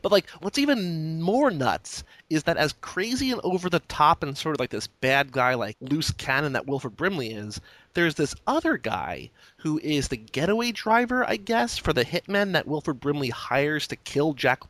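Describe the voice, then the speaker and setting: Animated man recapping a movie. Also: normal speed, dry recording. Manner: animated, lots of "like", rises in pitch when excited. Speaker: podcast host. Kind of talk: casual movie discussion.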